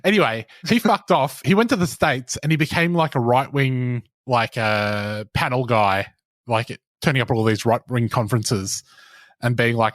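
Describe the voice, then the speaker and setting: A man's voice: mid-range voice, normal speed, fairly bright tone, no room sound, studio quality. A young man, co-hosting a podcast in casual chat, telling stories in a wry, sardonic way. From Australia. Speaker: podcast co-host.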